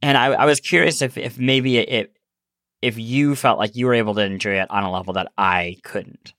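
A man's voice: mid-range voice, normal speed, dry recording, studio quality. Man with a sore throat hosting a podcast. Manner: animated, laughing, restarts a lot. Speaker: podcast host. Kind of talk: casual podcast chat.

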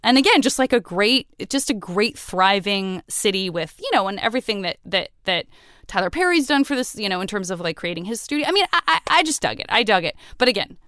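A woman hosting a podcast talks in a relaxed, animated way. Her voice is smooth and resonant, and the recording is dry and close, with no room sound. She often jumps up in pitch when she quotes people. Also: brisk, no room sound. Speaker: podcast host. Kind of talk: casual conversation.

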